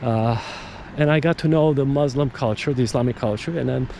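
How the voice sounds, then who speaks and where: A man's voice: mid-range voice, a little fast, gravelly, mellow, slight background noise. A man hosting a podcast, talking in a casual, digressive monologue that repeats words and restarts sentences. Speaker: podcast host.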